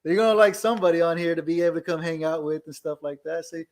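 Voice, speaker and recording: A man co-hosting a casual chat, relaxed and chuckling as he reads out messages. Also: on the high side, rapid-fire. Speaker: co-host reading messages.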